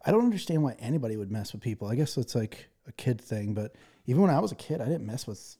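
Mellow-voiced man rambling casually. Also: medium pitch, sing-song, fast, breathy edge. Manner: rambling, laughs often, filler-heavy. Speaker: podcast host. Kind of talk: casual chat.

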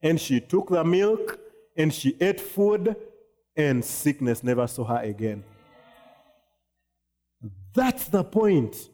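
A man pastor preaching a sermon on healing, with wide swings in pitch and asking the congregation if they follow him. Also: sing-song, slow pace, long pauses, mellow.

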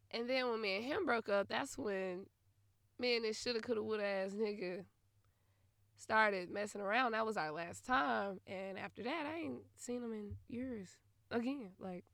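A woman's voice: a little high, vocal fry, a bit bright, no echo. A young woman ranting casually about an old flame, blunt and profane, often laughing, recorded close and dry. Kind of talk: casual storytelling rant.

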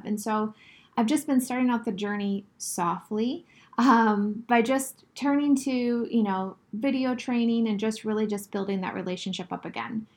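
A woman's voice: a little high, normal speed. Chatty woman telling a casual story. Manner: chatty, animated storyteller with many fillers. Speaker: podcast host.

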